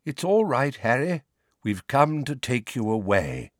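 A man doing a slightly hoarse, gentle wizard. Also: medium pitch, big pitch swings, measured pace, no room sound, studio quality, pitched above the performer's own voice. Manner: gentle, reassuring. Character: tired, kindly male wizard, gentle and calm.

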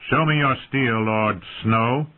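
A man voicing a cold, sharp older master-at-arms who mocks his recruits, heard through tinny phone-like audio. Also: mid-range voice, slow, pitched above the performer's own voice, natural voice. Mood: scornful. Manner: cold, cutting and mocking.

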